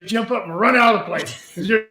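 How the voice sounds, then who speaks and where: A man's voice: high voice, quick pace, pushed and bright. An older man, a former wrestling booker, telling a rambling, folksy story with chuckles in an interview clip. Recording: echoey room.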